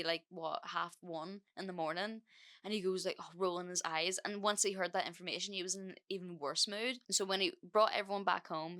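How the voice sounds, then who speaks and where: A woman's voice: lowish voice, a bit bright. A young woman hosting a podcast, telling a story in a chatty, sweary way with lots of filler words. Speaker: podcast host. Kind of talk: casual storytelling monologue.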